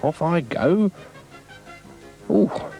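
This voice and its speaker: A man's voice: fairly high pitch, animated, very slow, vocal fry, dark tone, soft background music, pitched above the performer's own voice, exaggerated voice. A man voicing a weary old man over 60 who puffs and frets as he goes. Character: creaky, weary old male handyman.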